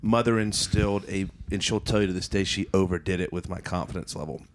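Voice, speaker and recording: A man's voice: low-pitched, steady tone, fast talker, slight background noise. A middle-aged man hosting a podcast, talking bluntly and with profanity and asking direct questions. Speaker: podcast host. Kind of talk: casual interview chat.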